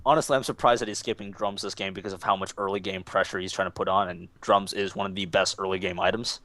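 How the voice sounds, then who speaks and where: Lower-voiced man giving esports analysis. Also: steady tone, fast, a bit bright, dry recording. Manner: explanatory, analytical, talks in long reasoning runs. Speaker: color commentator.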